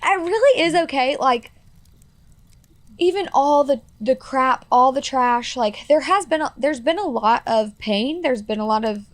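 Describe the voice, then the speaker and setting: A woman's voice: high voice, lively intonation, a little slow, no room sound. A woman in her twenties telling a personal story as a podcast guest, earnest and full of fillers like "like" and "you know". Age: 20s.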